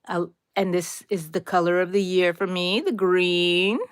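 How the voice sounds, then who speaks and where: A woman's voice: lowish voice, level tone, measured pace, clear, resonant tone, dry recording, clean studio sound. A middle-aged woman hosting a casual live crochet tutorial, chatting, drifting into side stories, and answering viewers by name.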